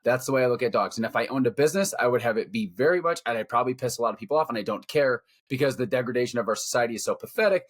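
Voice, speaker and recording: A middle-aged podcast co-host rants bluntly and profanely about his opinions in casual talk. His voice sits at medium pitch, and he speaks rapid-fire with few pauses.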